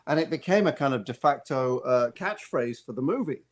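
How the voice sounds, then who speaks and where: Male actor guest with a middle-pitched voice. Rambling, amused storyteller who restarts his sentences. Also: expressive, normal speed. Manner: rambling, with frequent restarts and repeated words; amused, laughs while telling stories. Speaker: actor and author, interview guest. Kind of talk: casual anecdotal storytelling. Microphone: radio studio mic.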